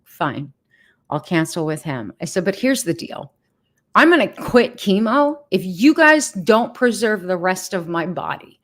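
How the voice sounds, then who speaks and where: A woman's voice: lowish voice, big pitch swings, measured pace. A woman vlogger telling a story in a casual livestream chat, emphatic, exasperated and blunt.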